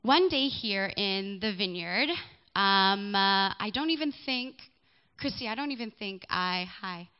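A woman's voice: medium pitch, animated, measured pace, smooth, dull audio. A young woman sharing a personal testimony at a church gathering, talking candidly and chatting with people in the audience. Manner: candid and chatty, with asides to listeners. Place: church hall with a live audience.

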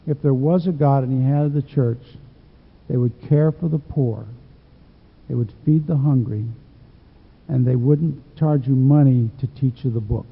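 A man preaching quotes a weary, streetwise male taxi driver who speaks slowly and reluctantly. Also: medium pitch, vocal fry, slightly rough, long reverb tail, phone-quality sound, pitched below the performer's own voice. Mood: reflective. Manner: slow, reluctant and thoughtful.

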